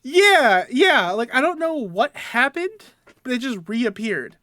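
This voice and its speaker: A man's voice: extremely high pitch, big pitch swings, slow pace, pushed and bright, dry recording. A young man co-hosting a podcast, telling a rambling story about himself while laughing between sentences. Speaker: podcast co-host. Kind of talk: casual storytelling chat.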